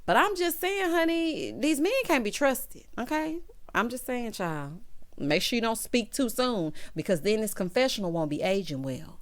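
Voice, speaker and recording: A woman's voice: on the high side, big pitch swings, normal speed. Sassy woman recapping reality TV. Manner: sassy, drawling asides of "child" and "honey"; laughs at her own jokes. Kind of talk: casual opinionated commentary.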